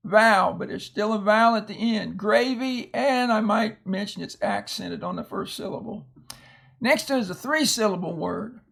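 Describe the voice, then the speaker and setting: A man's voice: high voice, creaky, a bit bright. A man teaching a phonics lesson, reading out a word list and explaining each word in a patient way with homely asides.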